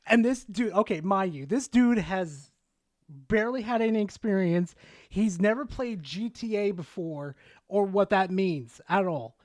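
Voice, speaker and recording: A streamer telling a story to chat in a casual, animated way, swearing a lot. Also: mid-range voice, measured pace, no room sound.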